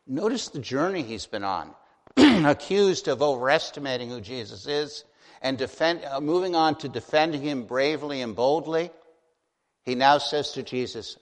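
A man preaching a sermon as a pastor, earnest and gentle, slowing down to stress key phrases. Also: medium pitch. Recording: long hall reverb.

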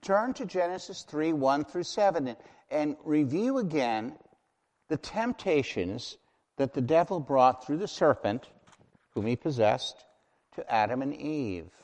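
A man preaching a sermon as pastor, emphatic and building to loud declarations. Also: fairly high pitch, lively intonation, a little slow, in a large hall.

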